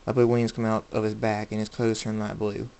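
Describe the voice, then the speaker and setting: A man reading aloud a story he wrote himself, in a plain, unhurried amateur delivery with small slips. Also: lowish voice, monotone, vocal fry, a little mellow, clean tone, rough recording.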